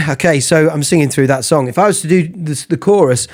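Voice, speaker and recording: A man giving a casual singing lesson, explaining vocal technique between falsetto sung examples. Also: a little fast, darkish tone. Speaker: singing teacher.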